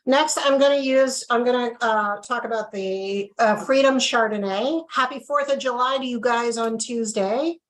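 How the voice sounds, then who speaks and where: Lady doing a wine tasting on a video call, kinda high voice, lots of ums, chatty. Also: normal speed, hardly any pauses, low-quality recording. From Canada. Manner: chatty, filler-heavy explaining. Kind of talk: casual live tasting talk.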